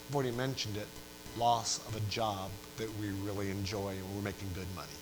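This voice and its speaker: An older pastor from Western New York delivers his sermon as earnest storytelling, driving points home through repetition. His voice sits at an ordinary middle pitch. A faint hum runs underneath. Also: fairly bright tone, low-quality recording.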